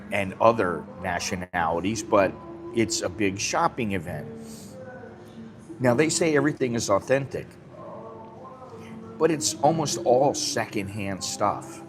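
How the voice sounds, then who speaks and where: An American man telling a rambling story in a casual live stream and acting out the dialogue. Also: lowish voice. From United States. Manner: chatty, rambling, acts out dialogue. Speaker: vlogger. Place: Thailand, drinking coffee. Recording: music clearly behind voice.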